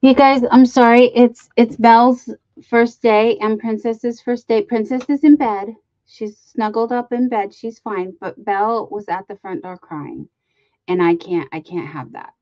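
A woman's voice: on the high side, a little slow, warm tone, dry recording, highs cut off. A woman hosting a casual craft livestream, chatting to viewers in a rambling way with many ums and restarts, sometimes cooing baby talk to her dogs. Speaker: livestream host.

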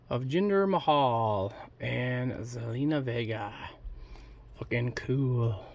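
A man's voice: medium pitch, a little hiss or hum. Chatty man opening card packs. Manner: chatty, offhand running commentary with jokes. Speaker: card collecting YouTuber. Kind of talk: casual pack-opening commentary.

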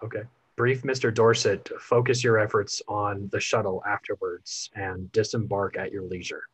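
A man voicing a decisive male starship captain who gives brisk orders in a tabletop game. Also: lowish voice, level tone, slightly rough, dry recording, rough recording. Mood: commanding.

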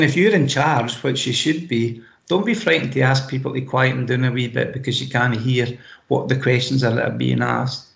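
Chatty Scottish man with a gravelly voice. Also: medium pitch, reverberant. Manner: chatty, practical and anecdotal. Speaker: presentation skills trainer. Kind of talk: online training session. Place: home room. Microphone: laptop microphone on a video call.

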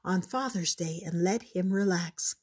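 A kind, wise mother bear from a picture book, speaking gently and reassuringly, as a woman reading aloud puts her on. The voice is low and husky. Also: measured pace. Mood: gentle. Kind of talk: storybook read-aloud.

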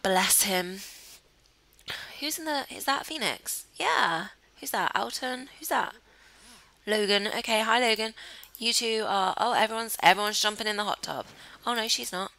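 A woman's voice: medium pitch, moderate pace, bright, forceful tone, no room sound, low-quality recording. A woman chatting casually over a life-simulation game, cooing affectionately at her characters. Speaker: gaming channel host. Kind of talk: casual gameplay commentary.

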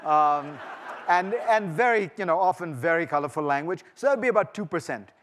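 A man's voice: a little high, lively intonation, fairly quick, fairly bright tone, slight background noise. A middle-aged man speaking to a festival audience, thoughtful and full of restarts and fillers, then taking questions. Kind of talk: festival talk and Q&A. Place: large lecture hall.

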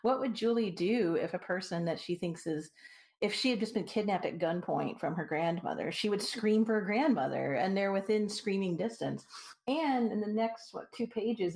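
A woman co-hosting a podcast, jumping in with quick, emphatic points about a story. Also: on the low side, a little mellow. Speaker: podcast co-host. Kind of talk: casual book discussion.

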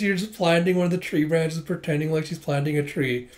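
A man casually reading a manga aloud for his video, walking through the panels between the characters' lines. He is chatty and laughs often, and his voice sits a bit higher than most men's. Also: fairly even intonation, a little fast, hardly any pauses. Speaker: manga reader, video host.

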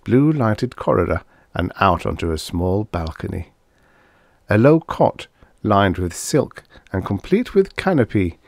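A man narrating a vintage science fiction story aloud in an expressive, lilting storytelling manner. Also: on the low side, dry recording, studio quality. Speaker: audiobook narrator. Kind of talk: scripted narration.

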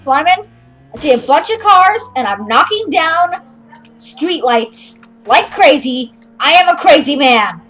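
A woman's voice: sits high, expressive, a little slow, a bit bright. A young woman casually chatting while she plays a game, playful and silly, narrating her own moves. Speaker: channel host playing a game. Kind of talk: casual gameplay chat.

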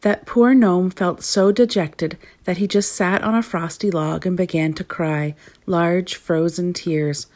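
Female storyteller, expressive reading voice, slightly low pitch. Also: a little slow, few pauses.

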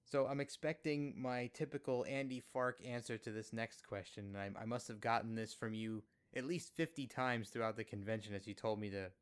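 Man, podcast host, casual interview chat, teasing, rambling questions, medium pitch. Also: brisk, few pauses, clear, resonant tone.

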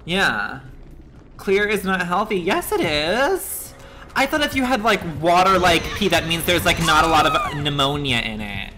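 Over music, a man with a high-sitting voice live-streams a video game at a normal speed. He's excitable, swears often, reacts loudly to the gameplay and talks back to his chat.

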